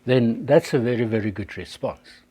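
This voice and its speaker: A man's voice: mid-range voice, moderate pace, warm tone, breathy edge. A man, teaching social skills in a talk to camera and acting out little example dialogues. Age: 60s. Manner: illustrates with acted examples. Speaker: life coach.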